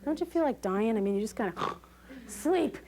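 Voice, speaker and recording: A woman leading a postpartum class for new parents, talking in an animated way, acting out quoted voices and laughing often. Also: a little high, normal speed. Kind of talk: lively educational talk to new parents. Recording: hissy 1980s VHS recording.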